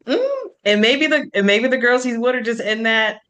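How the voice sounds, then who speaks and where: A woman hosting a casual book club chat, talkative and animated, laughing often as she retells scenes. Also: a little high, moderate pace. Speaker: book club podcast host.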